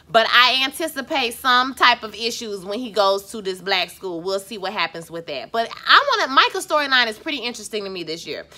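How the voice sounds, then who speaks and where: Bright, chatty woman talking to viewers. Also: on the high side. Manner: chatty, emphatic, talks straight to viewers. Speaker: TV recap vlogger; schoolteacher. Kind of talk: casual recap talk.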